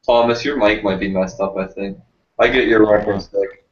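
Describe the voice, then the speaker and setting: A man's voice: on the low side, steady tone, moderate pace, background noise. A man hosting a casual fishing live stream, laid-back and rambling with fillers. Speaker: fishing channel host. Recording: roomy muffled stream audio.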